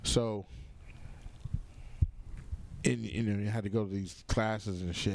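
A man's voice: fairly low pitch, fairly even intonation, slow pace, creaky, a little mellow, a little hiss or hum. A man who works as a comedian, talking as a guest in a casual chat. He rambles, swears freely and acts out what other people said. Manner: rambling, profane, acts out quotes.

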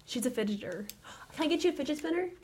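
A young woman co-hosting a podcast in casual chat, bubbly and excitable, often giggling. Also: high voice, fast talker, slight background noise. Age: young adult. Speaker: podcast co-host.

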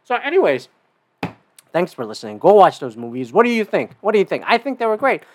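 A man hosting his own podcast alone, talking casually in a rambling, profane way with lots of fillers and big jumps in pitch. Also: sing-song, a little fast. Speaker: podcast host. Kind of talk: casual solo podcast monologue.

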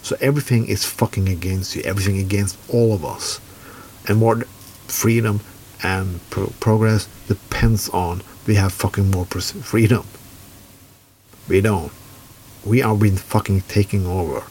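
Man, Norwegian accent, furious rant, heavy swearing, blunt, low-pitched voice. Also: measured pace, a little mellow, slight background noise. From Norway. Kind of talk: angry political rant.

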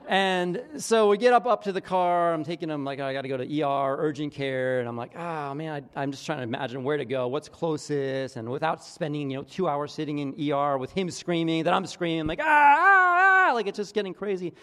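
A middle-aged man preaching as a pastor, telling a story in a casual, animated way with quoted voices. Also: fairly high pitch, fairly quick, few pauses, in a large hall. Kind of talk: conversational sermon storytelling.

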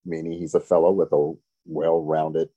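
A man's voice: a bass voice, little pitch movement, moderate pace, warm tone, muffled recording. An older man, a former show dancer, telling stories in an interview with a chuckling, reflective way of talking. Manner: reflective, chuckling, frequent "you know". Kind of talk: storytelling in an interview.

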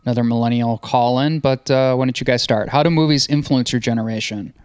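A man's voice: medium pitch, fairly even intonation, brisk, darkish tone, clean tone, no room sound. Dry-voiced middle-aged male host. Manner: chatty, leads the discussion. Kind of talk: casual panel chat.

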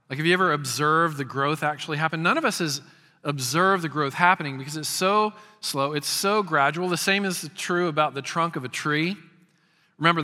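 A man's voice: on the high side, bright, forceful tone. A man in his fifties preaching a sermon as a pastor, emphatic and prone to repeating words as he starts a phrase. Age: 50s. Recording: long hall reverb.

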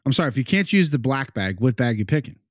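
A man's voice: medium pitch, big pitch swings, quick pace, no room sound, studio quality. A man co-hosting a podcast, arguing casually with a stubborn, exasperated manner and frequent swearing. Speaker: podcast co-host. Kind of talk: casual banter.

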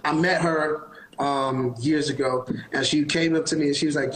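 A fairly high-voiced man speaks earnestly, urging and encouraging like a preacher. He's on a phone live stream, and the audio sounds roomy with a faint hiss underneath. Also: steady tone, normal speed, hardly any pauses, a bit bright. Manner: earnest, encouraging, sermon-like advice. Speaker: gospel singer, interview guest. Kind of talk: live-stream interview chat. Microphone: phone on a live video call.

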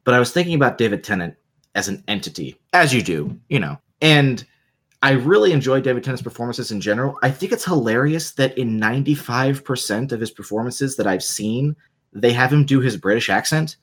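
A man co-hosting a pop-culture podcast in casual chat, animated and full of restarts, fond of adding caveats. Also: medium pitch, brisk, husky. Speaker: podcast co-host.

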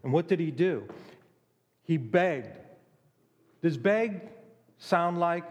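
A man preaching a sermon, emphatic, with dramatic pauses and acted-out quotes. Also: on the high side, expressive, long reverb tail.

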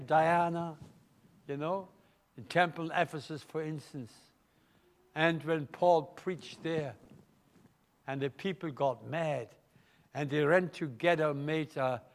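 Older German-accented male pastor, high-pitched and slow, pressing questions on his congregation in a live sermon. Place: church.

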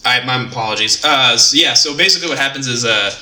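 A man co-hosting a casual book discussion, animated and swearing, acting out characters' lines as he retells the story. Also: medium pitch, quick pace, roomy sound, a little hiss or hum. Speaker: podcast co-host discussing a novel. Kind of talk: casual book-club chat.

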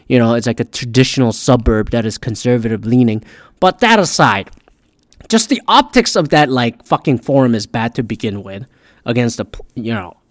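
A man's voice: mid-range voice, dry recording. A man ranting crudely and sarcastically, swearing constantly as he comments like a podcast host. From Pacific Northwest.

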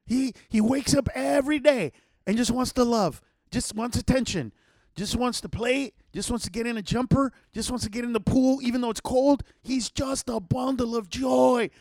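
A man with a notably high voice hosts a podcast from his home setup, and the sound is close and dry with no room around it. He tells stories in a loose, animated way, swearing freely and jumping into other people's voices to act out what they said. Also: moderate pace, no echo. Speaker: podcast host. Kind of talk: casual storytelling to listeners.

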